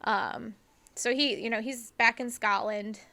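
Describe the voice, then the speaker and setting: Bright, crisp-voiced woman podcaster. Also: a little high, measured pace. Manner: animated, profane, trails off with fillers like "like". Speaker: podcast co-host. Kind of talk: casual storytelling chat.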